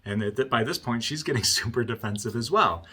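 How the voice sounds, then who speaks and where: A man's voice: medium pitch, fairly quick, bright, forceful tone, husky. A man working as a marriage counselor, explaining a point through a client story in a conversational way and often checking in with "right?".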